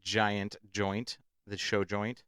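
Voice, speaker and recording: A man's voice: on the low side, flat delivery, drawn-out words, a bit bright, clean tone, dry recording, clean studio sound. A young man co-hosting a podcast in casual chat, playful and jokey, laughing easily. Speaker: podcast co-host.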